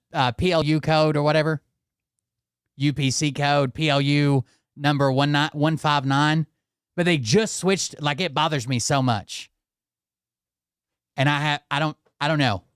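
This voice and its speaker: A man's voice: a little high, a little slow, pauses often, fairly bright tone, clean tone, no room sound, studio quality. A male channel host ranting casually to his viewers, exasperated and swearing often as he talks straight to them. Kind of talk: casual profane rant to viewers.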